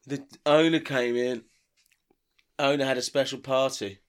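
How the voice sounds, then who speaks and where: A man's voice: medium pitch, steady tone, smooth, no room sound. A man co-hosting a podcast, joking around in casual chat. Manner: playful, quick joking asides. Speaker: podcast co-host. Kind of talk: casual banter.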